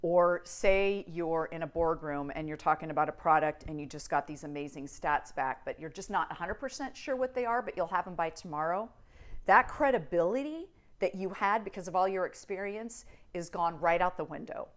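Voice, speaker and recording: A woman's voice: fairly low pitch, normal speed. A middle-aged woman, a media coach, giving a coaching talk on presentations and trying out different tones as she goes. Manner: expressive, demonstrates tones by switching delivery.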